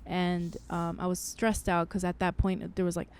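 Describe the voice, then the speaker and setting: A woman's voice: fairly low pitch, level tone, moderate pace, darkish tone, clear, resonant tone. A woman podcast co-host in her thirties, telling a personal story in a candid way, swearing freely and acting out what people said. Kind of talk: casual chat, personal storytelling.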